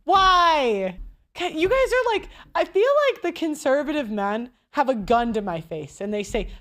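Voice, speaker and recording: High-voiced blunt mocking woman host. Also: big pitch swings, moderate pace, fairly bright tone. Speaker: commentary host. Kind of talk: reaction commentary on a speech clip.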